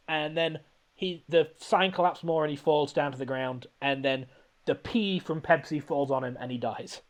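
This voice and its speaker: A man with a slightly high voice rambles through a movie recap, laughing as he goes. His delivery is animated and casual, full of restarts and incredulous questions. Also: unhurried. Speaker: podcast host recapping a film.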